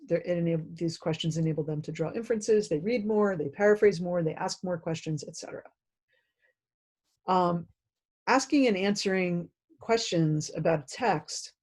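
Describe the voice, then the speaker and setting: A woman leads a self-paced training lesson for teachers. Her voice is mellow and warm, and she explains in a direct, conversational way. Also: on the low side, moderate pace.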